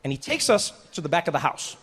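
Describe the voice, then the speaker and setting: A male stand-up comedian telling a story on stage, animated and self-mocking, acting out every character. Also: fairly high pitch, quick pace, breathy edge, big-room sound.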